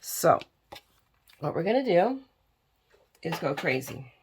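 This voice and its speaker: A middle-aged woman hosts a crafting video, chatting casually as she works, tired and yawning. Her voice is fairly low, darkish and slightly rough, very animated yet slow-paced.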